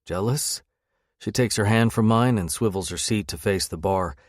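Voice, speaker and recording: A man reads a first-person romance audiobook in a wry, sardonic tone. His voice sits on the low side for a man. The recording is close and dry, with no room sound. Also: normal speed, no echo. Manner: wry, sardonic inner monologue. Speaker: audiobook narrator.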